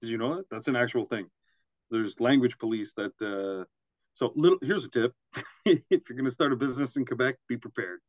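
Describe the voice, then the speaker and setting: A man co-hosting a casual business podcast, talking in loose, rambling asides and chuckling at his own jokes. His voice sits at an ordinary middle pitch. The recording is dry and slightly muffled. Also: fairly quick, no echo. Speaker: podcast co-host. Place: Quebec, Canada.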